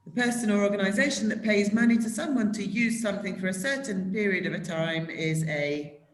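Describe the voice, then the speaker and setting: A woman's voice: medium pitch, fairly quick, roomy sound. A woman teaching English who reads out definitions and corrects pronunciation. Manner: clear, corrective, stresses pronunciation. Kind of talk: reading out vocabulary definitions.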